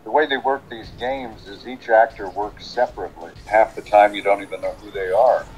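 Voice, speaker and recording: A man with a deep, low voice recalls his voice-acting work in a reflective, anecdotal way over a call. Faint music plays underneath. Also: steady tone, a little fast, darkish tone, low-quality recording. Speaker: voice actor. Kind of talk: interview. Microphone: phone or video call.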